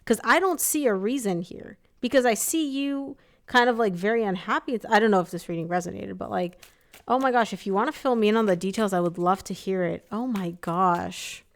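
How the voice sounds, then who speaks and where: A woman's voice: medium pitch, brisk. A young woman doing a casual live tarot reading, chatty and sympathetic, with lots of "like" and "um". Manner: chatty, empathetic, filler-heavy with frequent "like" and "um". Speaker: tarot reader.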